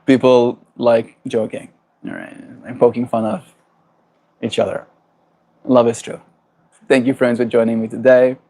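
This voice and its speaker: A man with a South African accent chatting gently on a livestream, greeting viewers and laughing often. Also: medium pitch, a little slow, long pauses. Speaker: livestreamer reading chat. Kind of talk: casual livestream chat.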